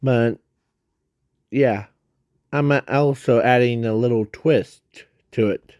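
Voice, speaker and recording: A man rambles through his idea at a very slow, halting pace, stopping and restarting often. His voice is dark and mellow, and he is breathing hard. The recording is dry and close, with no room sound. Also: mid-range voice, clear, resonant tone, no echo. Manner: halting, many fillers and restarts. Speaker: fan video creator. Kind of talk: casual rambling explanation.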